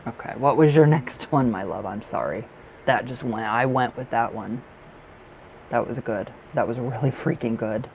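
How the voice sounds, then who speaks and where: A man's voice: mid-range voice, normal speed, gravelly, a little mellow, slight background noise, poor audio. A man hosting a casual live-stream tarot reading, chatty and affectionate, laughing often.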